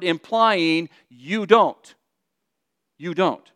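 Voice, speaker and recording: A man's voice: sits high, slow, clear, resonant tone, no room sound, clean studio sound. A man preaching a sermon, reading scripture aloud and asking his listeners questions. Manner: animated, asks the audience questions, reads scripture aloud. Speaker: pastor.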